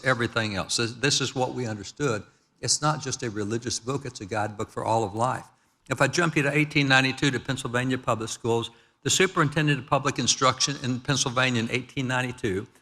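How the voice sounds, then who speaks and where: An older man gives an emphatic, lecture-style speech on history at a gala, moving through slides and reading quotes aloud. His mid-range voice is bright with a forceful tone. The large event hall adds reverb through the PA.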